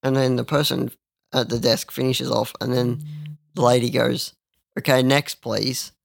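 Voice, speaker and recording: A man's voice: medium pitch, little pitch movement, normal speed, creaky, no echo. A young man telling a story in a rambling, crude, casual way. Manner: rambling, crude, with lots of restarts.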